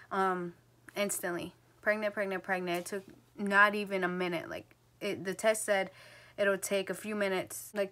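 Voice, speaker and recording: A woman's voice: mid-range voice, a bit bright. Rambling late-teen woman telling her story. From New Jersey. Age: late teens. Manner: rambling, filler-heavy talk, full of "like" and "um". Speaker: vlogger. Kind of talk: casual storytime vlog.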